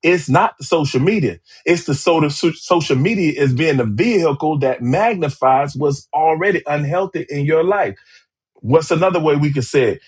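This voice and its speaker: Husky man hosting a live talk. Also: fairly high pitch. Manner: emphatic and repetitive, calling out to viewers. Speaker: relationship podcast host. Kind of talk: live-streamed talk show.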